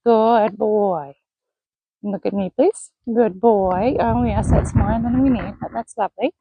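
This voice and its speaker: Husky-voiced woman coaxing a horse. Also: a little high, no echo, narrow, tinny audio. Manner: praises and coaxes the horse in a soft, encouraging voice. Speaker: horse trainer. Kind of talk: live commentary while training a horse.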